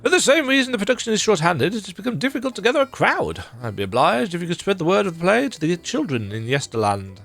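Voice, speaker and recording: A man's voice: high voice, wildly swooping pitch, fast, gravelly, hardly any pauses, a bit bright, faint music behind, exaggerated voice. A man voicing a posh, theatrical male knight who speaks in pompous, old-fashioned formal phrases.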